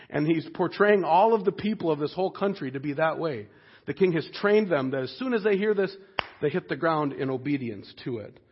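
A man preaching a sermon in a conversational way, growing animated when he voices the people in the story. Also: a little high, slightly rough, dull audio. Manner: conversational, animated when voicing quoted figures. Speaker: pastor.

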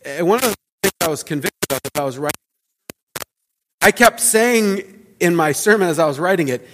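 A man preaching a sermon as a pastor, earnest, often repeating words and dropping to a quiet low voice for emphasis. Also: expressive, moderate pace, slight background noise. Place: church sanctuary. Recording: church hall reverb.

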